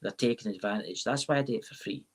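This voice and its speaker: This fast-talking Scottish tarot reader and paranormal podcaster has a lowish, gravelly, husky voice. He rambles during a live-stream interview, frequently saying "right?", and is picked up by a live-stream microphone.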